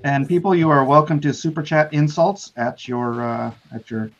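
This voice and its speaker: Brief: male livestream host, gravelly, jokes and laughs a lot. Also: a little high, normal speed, fairly bright tone, dull audio. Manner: joking, laughs often. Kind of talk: casual livestream chat.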